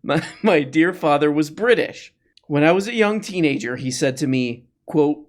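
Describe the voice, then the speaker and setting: A man's voice: on the high side, normal speed. A man doing sarcastic reaction commentary, mocking what he watches with mock-awed asides. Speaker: commentary host.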